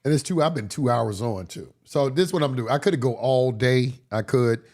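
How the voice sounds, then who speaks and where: A man giving a casual livestream lecture as a course instructor, blunt and profane, his voice hoarse from a cold. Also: medium pitch, moderate pace, darkish tone.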